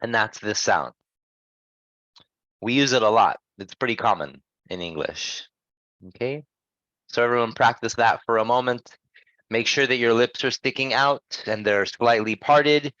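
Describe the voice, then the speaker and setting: A man leads an English pronunciation class, taking his time over each sound. He checks in with the students often and models words slowly for them to repeat. His voice comes through a little muffled and dry, as if over a basic mic. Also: medium pitch, fairly bright tone, dry recording. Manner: patient, checks in with "okay?" often. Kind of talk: online pronunciation lesson.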